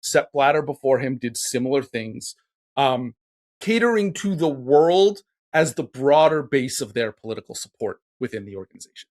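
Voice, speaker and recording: A man's voice: medium pitch, animated, normal speed, a little mellow. A man who is a guest on a sports podcast, explaining things in a wry, conversational way. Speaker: guest, soccer podcast cohost. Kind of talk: casual podcast chat.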